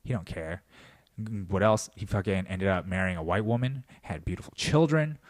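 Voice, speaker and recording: A man hosting a podcast in a comedic monologue, riffing in an animated, profane way and dropping into mock voices. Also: sits low, moderate pace, no echo, clean studio sound. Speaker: podcast host. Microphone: podcast mic.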